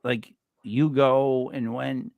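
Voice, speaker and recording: A man's voice: mid-range voice, flat delivery, slow pace, creaky, dry recording, dull audio. A man hosting a podcast in rambling, joking casual chat, stuffy and short of breath. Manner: rambling, joking, self-mocking. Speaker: podcast host.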